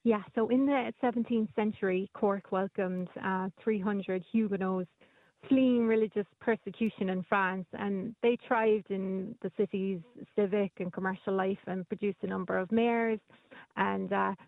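A woman's voice: medium pitch, fairly even intonation, a little slow, no echo. A woman telling local stories as a radio guest, chatty, with plenty of ums and restarts. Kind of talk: casual radio chat. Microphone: phone. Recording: phone line.

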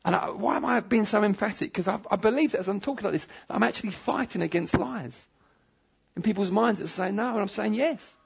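A male preacher delivers an emphatic, pleading sermon in a fairly high, husky and gravelly voice. He presses his points by repeating them. The recording sounds dull and lo-fi. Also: brisk.

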